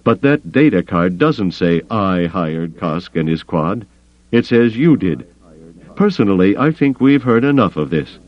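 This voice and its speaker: A man's voice: low-pitched, sing-song, unhurried, highs cut off, pitched above the performer's own voice. A man voicing a cornered male traitor, blustering and menacing, in a raised, tense voice. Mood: defensive. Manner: tense, snarling.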